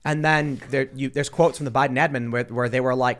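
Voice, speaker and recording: A man's voice: mid-range voice, steady tone, brisk, fairly bright tone. A man hosting a political talk show, chatting casually and animatedly, often restarting his sentences. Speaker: show host. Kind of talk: casual political panel chat.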